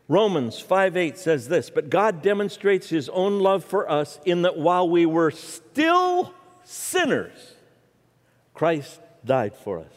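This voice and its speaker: A middle-aged man preaching a humorous sermon in a church, telling stories and joking with the audience. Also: fairly high pitch. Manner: storytelling, animated, jokes with the audience. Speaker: guest preacher. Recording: church hall reverb.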